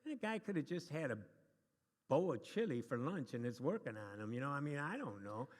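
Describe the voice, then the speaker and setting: A man's voice: mid-range voice, sing-song, fairly quick. A man teaching a church class to a live group, chatty and joking, with many restarts. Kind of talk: casual lesson to a live group. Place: church meeting room. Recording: long reverb of a hall.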